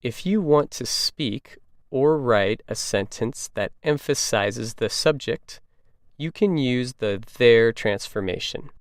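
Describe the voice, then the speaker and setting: A man reading a scripted grammar lesson in a measured, explanatory way. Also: medium pitch, no room sound, clean studio sound. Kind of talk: scripted educational narration.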